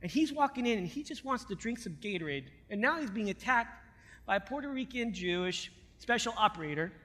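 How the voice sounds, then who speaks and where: Male preacher, sermon testimony, high bright voice, hushed to fervent, recorded in a reverberant hall. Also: expressive, brisk.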